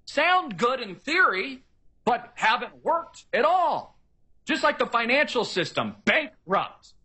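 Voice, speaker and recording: A man's voice: on the high side, pushed and bright. A man delivering an emphatic, repetitive political rant, mocking the people he argues with. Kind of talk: ranting political monologue.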